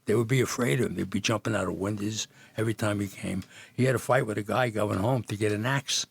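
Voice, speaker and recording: A podcast guest from Jersey City, New Jersey, tells rambling stories in casual conversation, laughing often and making false starts. His fairly low voice is quick, creaky, and slightly rough, with no room sound.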